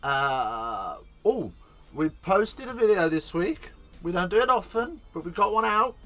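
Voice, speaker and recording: Male host, bright tone, excitable live commentary, faint music behind. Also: high-pitched, unhurried. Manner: chatty, excitable, swears casually. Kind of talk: live watch-along commentary.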